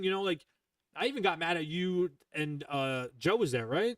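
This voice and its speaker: A man's voice: a little high, brisk, fairly bright tone, smooth, no room sound, recorded from a distance. A man hosting a podcast, telling a heated, profane story in casual chat and rambling with restarts. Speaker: podcast host.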